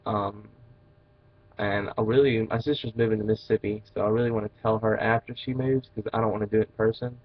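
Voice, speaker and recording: Teen boy vlogger, flat low delivery, halting with fillers, muffled home-video sound. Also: no room sound. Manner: hesitant, halting, many fillers and restarts. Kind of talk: personal confessional vlog.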